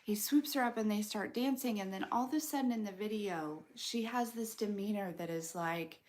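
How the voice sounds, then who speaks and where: A woman giving a casual intuitive reading, talking in a slow, rambling way with many fillers. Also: mid-range voice, a little mellow. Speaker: intuitive reader. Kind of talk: casual spoken tarot-style reading.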